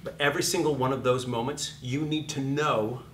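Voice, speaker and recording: A man's voice: medium pitch, fairly even intonation, a little fast, echoey room, slight background noise. A man teaching acting to a live class in a hot room. He is blunt and profane, acts out quotes and sings notes.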